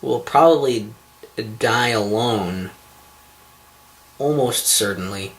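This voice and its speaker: A man's voice: fairly low pitch, slow. A man hosting his own online show, talking to camera in a rambling, sarcastic, self-deprecating way, swearing often, with lots of ums and restarts. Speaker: vlogger, show host.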